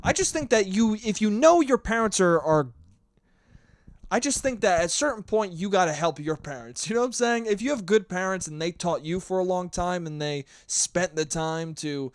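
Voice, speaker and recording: A man's voice: high voice, animated, normal speed, no room sound. A young man hosting a solo podcast while hungover, rambling, swearing and earnest, with laughs along the way. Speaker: podcast host. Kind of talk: casual solo podcast monologue. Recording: dry close sound with sirens outside.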